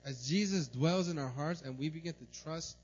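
A man preaching a sermon in a church, telling a personal story in an animated way and often asking "right?". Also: a little high, moderate pace, soft background music. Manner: animated, tells stories, repeats "right?". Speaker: pastor. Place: church service. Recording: dull lo-fi recording.

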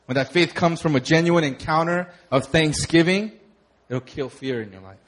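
A young adult man preaching a sermon, talking conversationally, with animated storytelling and laughter. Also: on the high side, normal speed. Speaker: pastor.

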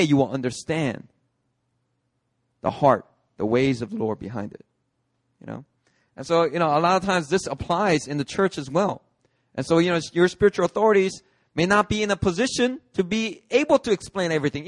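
A man preaching a lively, story-driven sermon, slipping into playful character voices as he goes. His voice sits a little high for a man. The sound is dry and close. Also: no echo. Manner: animated, acts out movie characters with put-on voices. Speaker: pastor. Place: church hall, dry sound.

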